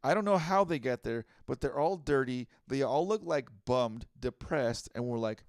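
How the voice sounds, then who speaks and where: A man's voice: mid-range voice, normal speed, no echo. A man, chatting casually on a podcast and recounting a story. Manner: relaxed, chiming in with agreement. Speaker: podcast co-host.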